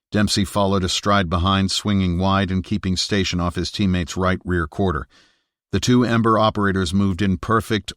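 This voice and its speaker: A man narrating an audiobook thriller in a steady, measured reading on a close studio mic. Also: low voice, dry recording. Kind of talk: scripted narration.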